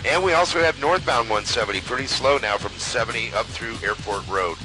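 A man's voice: medium pitch, music in the background, low-quality recording. A man giving a matter-of-fact airborne traffic report and reading a sponsor line. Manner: brisk, matter-of-fact listing of roads. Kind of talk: traffic report and live ad read.

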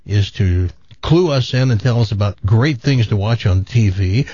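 A man's voice: lowish voice, expressive, warm tone, breathy edge, no room sound, dull audio. A man hosting a radio show, chatting casually in a blunt, joking way. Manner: blunt, joking, quick to dismiss.

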